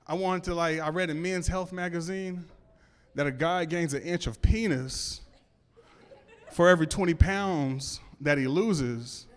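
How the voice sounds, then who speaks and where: A man with a voice on the high side does a stand-up set on a club stage, speaking smoothly at a measured pace. His delivery is loose, full of stammered restarts and asides to the audience.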